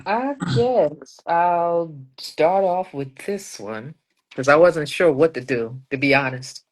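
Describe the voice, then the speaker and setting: A woman's voice: low-pitched, slow. A woman guest poet chatting in an interview, telling stories and acting out quoted dialogue. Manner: animated storyteller, acts out quoted dialogue. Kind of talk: casual interview chat.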